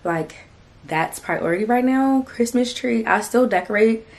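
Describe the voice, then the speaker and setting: A young woman vlogger chatting casually to camera, excitable and full of slangy asides. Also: a little high, measured pace.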